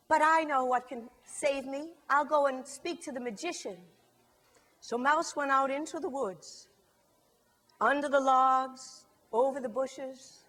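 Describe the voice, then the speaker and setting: A middle-aged woman with a high voice tells a story to a live audience. She is lively and expressive and slips into the characters as she goes. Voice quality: lively, acts out characters with shifting voice.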